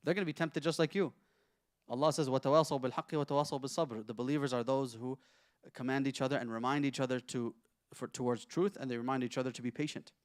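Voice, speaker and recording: A man teaching a Quran class who speaks at a brisk, rapid clip. He keeps the lesson conversational, throwing questions out to his listeners and running through Arabic verses quickly. His voice sits at an ordinary middle pitch. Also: fairly even intonation, smooth, dry recording, studio quality. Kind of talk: interactive religious lesson.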